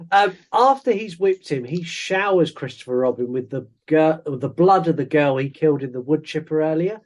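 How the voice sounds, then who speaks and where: Rambling podcast co-host, man. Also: a little high. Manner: rambling, jokey, self-interrupting. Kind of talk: casual film review chat.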